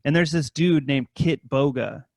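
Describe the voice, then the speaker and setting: A man's voice: unhurried, dry recording. A man co-hosting a podcast, rambling through a story in casual talk full of profanity. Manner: rambling, heavy swearing, mimics scammers in high voices. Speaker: podcast co-host.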